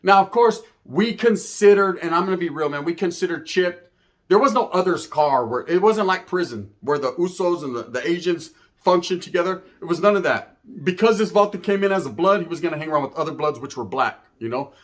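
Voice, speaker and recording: Male storyteller, casual and slangy, animated quoted voices, slightly higher pitch. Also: a little fast.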